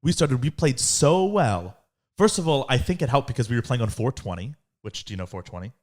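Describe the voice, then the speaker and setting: A young man co-hosting a podcast, telling a story in casual chat and acting out quotes in high voices. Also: lively intonation, fairly quick. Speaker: podcast co-host.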